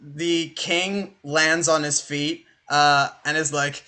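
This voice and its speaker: Bright-voiced young man running a tabletop game. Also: a little high, clear, resonant tone. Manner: animated, fast, filler-heavy. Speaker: game master.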